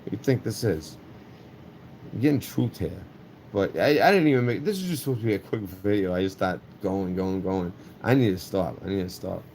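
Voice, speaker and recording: A young man who hosts his own channel, ranting casually to the camera in a rambling, profane, animated way. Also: low voice, a little fast, a little hiss or hum. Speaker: YouTube channel host.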